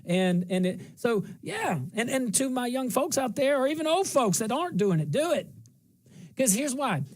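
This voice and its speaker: With a very high voice and a moderate pace, this very animated middle-aged man hosts a talk show. He's from central Louisiana, has a slight twang, and rambles folksily, repeating phrases to drive points home.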